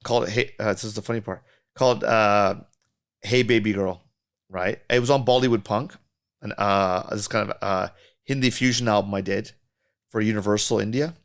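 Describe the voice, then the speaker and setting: A man's voice: on the low side, moderate pace. Casual storytelling male music producer. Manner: storytelling, animated when imitating others. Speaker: podcast guest, DJ and music producer. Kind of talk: casual podcast chat.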